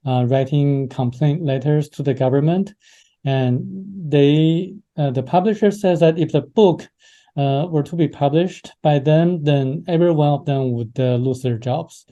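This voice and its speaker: A man being interviewed, telling a personal story with many pauses and fillers. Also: medium pitch, mellow, muffled recording. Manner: hesitant, many fillers and restarts. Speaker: interview guest.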